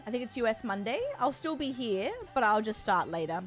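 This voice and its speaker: A woman's voice: lively intonation, faint music behind. A young Australian woman streamer chatting casually with her viewers in a bubbly, chatty way. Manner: bubbly and chatty, quick swings up in pitch.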